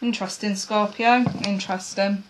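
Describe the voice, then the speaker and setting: A woman giving a casual tarot reading to her viewers, blunt and swearing freely, her voice going a bit hoarse. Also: mid-range voice, fairly even intonation, moderate pace, heavy background noise. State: losing her voice, coughing. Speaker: tarot reader.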